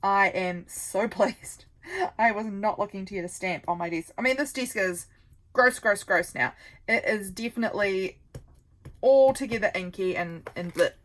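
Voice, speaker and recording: A woman's voice: medium pitch, moderate pace, poor audio. A woman vlogger chatting casually as she works on a craft project, thinking aloud and poking fun at her own mistakes. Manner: thinks aloud while working, rambling and self-deprecating.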